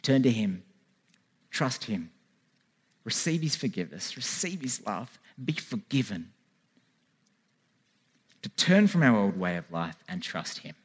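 A man's voice: on the low side, very animated, a little slow, pauses often, husky. A man preaching a sermon in a church, with earnest, pleading calls to turn to God. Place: church hall with a congregation.

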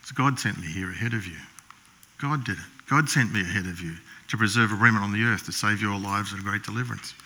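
A male pastor, preaching a sermon in a storytelling way, acting out the characters' lines in a hushed voice and often clearing his throat. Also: fairly low pitch, quick pace.

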